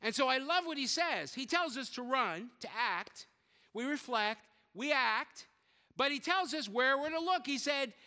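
A high, very bright man preaches with a lively, swinging pitch, acting out voices and teasing the congregation. His voice rings with the long reverb of a large hall. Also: normal speed. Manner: lively storytelling, acting out quotes, joking with the congregation. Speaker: pastor. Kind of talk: sermon.

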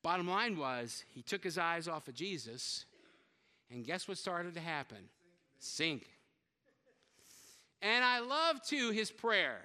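A man preaching a sermon as a pastor, telling the story with lively voices for the characters and joking with his listeners. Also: sits high, slow pace, long pauses, long reverb tail. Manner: lively storytelling, acting out quotes, joking with the congregation.

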